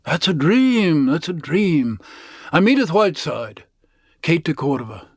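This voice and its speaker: A man's voice: a little high, big pitch swings, a little slow, breathy edge, no room sound, exaggerated voice. A man voicing an effusive, spirited elderly woman who exclaims and gushes, in a told story. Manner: exclaiming, gushing.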